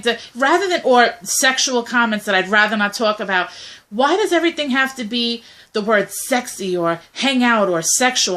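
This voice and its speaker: A woman's voice: on the high side, normal speed, sharp tone. A young woman co-hosting a casual talk video, speaking bluntly and animatedly, often acting out quoted messages. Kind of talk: casual opinionated chat.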